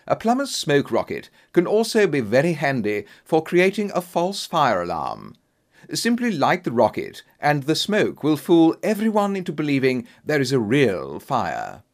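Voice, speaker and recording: Guy reading a storybook aloud, slightly high voice, really lively pitch. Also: moderate pace. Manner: clear, expressive reading. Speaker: narrator. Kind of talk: scripted storybook narration.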